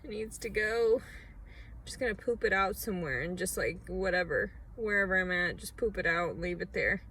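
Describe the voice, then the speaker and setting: Raw distress spills out as a woman records a confessional vlog at a moderate pace, repeating phrases and moving between whispers, low murmurs and sharp outbursts. The recording is rough, with slight background noise.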